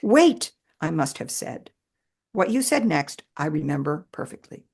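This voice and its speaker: A woman author reading her own personal essay aloud in a measured, expressive way with shifting emphasis. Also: sits low, vocal fry, husky.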